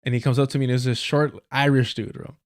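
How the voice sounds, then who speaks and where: This livestream host has a mid-range voice with a level tone and quick pace, recorded in clean studio sound without echo. Ranting casually, he tells blunt, profane, slang-heavy stories, repeating phrases to stress them and correcting himself midway through sentences.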